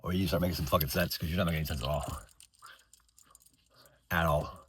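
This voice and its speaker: A man in his thirties rants in an angry, profane stream, words spilling out fast and tumbling over restarts. His voice sits on the low side, and a faint hiss runs under it. The delivery is bitter and unscripted throughout. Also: fairly even intonation, a bit bright. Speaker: veteran vlogger.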